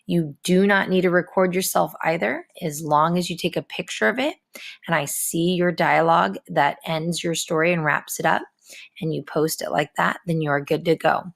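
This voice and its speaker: A woman teacher giving a recorded writing lesson to her students in a clear, instructive and repetitive way. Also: on the low side, fairly even intonation, moderate pace.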